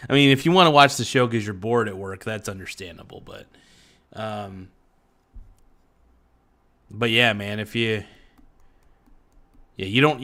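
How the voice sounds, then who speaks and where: A man's voice: on the low side, pushed and bright. Laid-back guy chatting to his stream. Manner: laid-back, chatty, talks to viewers in chat, frequent "man" and "dude". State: sore voice. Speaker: livestream host. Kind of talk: casual rambling livestream chat.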